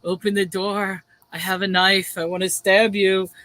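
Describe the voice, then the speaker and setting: A woman putting on a calm, menacing male stranger at a door, speaking in a flat, eerily calm voice. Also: medium pitch, a little slow, pitched below the performer's own voice, natural voice.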